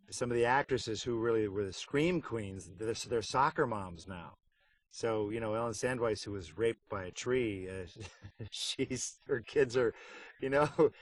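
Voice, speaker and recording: A middle-aged man in a casual behind-the-scenes interview, talking wryly and joking about voice work. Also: fairly low pitch. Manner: wry, joking, puts on silly voices for anecdotes. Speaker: voice actor interviewed about a game.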